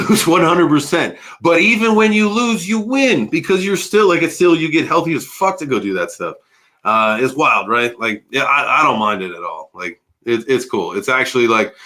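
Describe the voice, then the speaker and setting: A man in his early forties hosting a casual crypto livestream, rambling and animated, chatting with viewers and swearing freely. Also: mid-range voice. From United States. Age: 40s.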